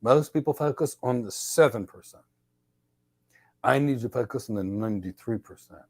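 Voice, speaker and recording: Guy hosting a podcast, casual advice chat, gets animated telling stories, normal mid pitch. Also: normal speed. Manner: energetic storyteller who acts out dialogue. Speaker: podcast host.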